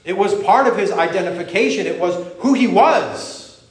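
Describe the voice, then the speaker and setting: Male pastor, high voice, lively storytelling sermon, reverberant room. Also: moderate pace. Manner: animated preaching, acting out voices in the story. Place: church sanctuary. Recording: echoey church room.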